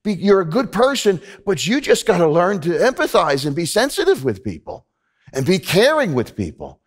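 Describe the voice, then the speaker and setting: A man's voice: high-pitched, huge pitch swings, moderate pace. A man preaching a sermon in a church, talking earnestly and conversationally to the congregation, often repeating himself. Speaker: pastor. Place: church sanctuary.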